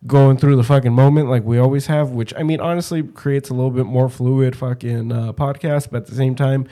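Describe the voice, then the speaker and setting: A man's voice: mid-range voice, fairly even intonation, a little fast, dark tone. A man hosting a podcast in casual, loose chat, swearing freely while he talks. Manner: loose, profane storytelling. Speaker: podcast host.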